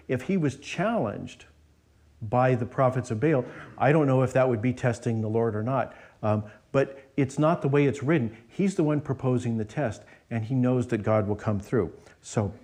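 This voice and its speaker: A man's voice: mid-range voice, darkish tone. A man preaching a sermon as pastor, in a conversational way with frequent restarts and fillers. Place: church.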